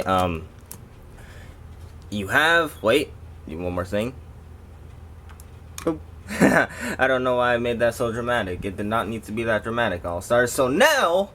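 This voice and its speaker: A man's voice: fairly low pitch, fairly bright tone, a little hiss or hum. A man doing a casual toy review, rambling and breaking off into jokey asides to his viewers.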